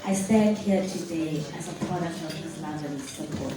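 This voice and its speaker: A woman from South Africa giving a slow, heartfelt, emotional acceptance speech. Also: low-pitched, background noise. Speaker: award recipient. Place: large event hall. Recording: echoey hall, far from mic, crowd.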